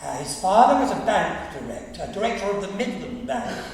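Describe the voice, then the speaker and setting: A man's voice: high-pitched, sing-song, fairly quick, crowd noise. A man from England giving an anecdotal talk, chuckling through his stories and slipping into quoted and sung snatches. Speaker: guest speaker. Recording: echoey hall, mic far off, faint hum.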